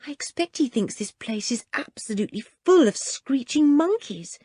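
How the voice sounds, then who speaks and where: A woman reading an audiobook, voicing a frightened young girl in a high voice. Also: normal speed, breathy edge, dry recording, clean studio sound, full character voice. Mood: nervous. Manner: high, excited.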